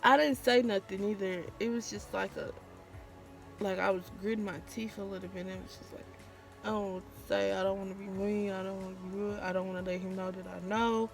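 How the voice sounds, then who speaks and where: A woman's voice: medium pitch, fairly even intonation, fairly quick, gravelly, faint music behind. A woman vlogger, telling a candid, profane story in casual storytime style. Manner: candid, profane, acts out quotes.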